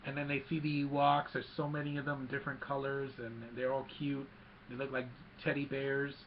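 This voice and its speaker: A man excitedly recapping a movie scene by scene, mixing in sound effects and quick character quotes. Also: mid-range voice, muffled recording, slight background noise. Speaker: movie reviewer.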